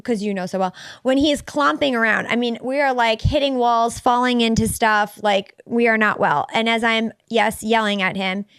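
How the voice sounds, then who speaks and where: A woman's voice: on the high side, steady tone, fairly bright tone, clear, resonant tone, dry recording. Teasing woman podcast host, dry sound. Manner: teasing, quick, frank storyteller. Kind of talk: casual chat.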